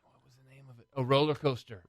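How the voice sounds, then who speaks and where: A man's voice: medium pitch, fairly even intonation, fast talker, no echo. An American man, a guest actor, chatting on a podcast and rambling through stories with lots of restarts. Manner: rambling storyteller with many restarts. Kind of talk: casual podcast chat.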